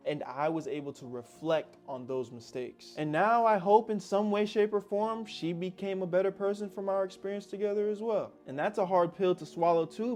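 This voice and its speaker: A man's voice: on the high side, darkish tone. Slangy young man telling a story. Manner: slangy and candid, reflective. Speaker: animated storytime narrator. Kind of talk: casual storytelling.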